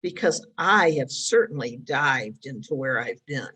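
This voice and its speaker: A woman speaking as a guest in a conversational interview, reflective and quick to laugh lightly. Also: extremely low pitch, expressive, sharp tone, husky. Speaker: podcast guest. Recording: voice sounds distant from mic.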